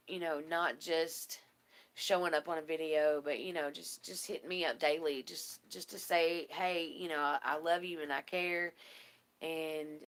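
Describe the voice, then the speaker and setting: A woman's voice: deep voice, a bit bright. A woman speaking in a tearful, heartfelt video message, rambling with many fillers and close to crying. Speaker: vlogger. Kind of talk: emotional casual video message.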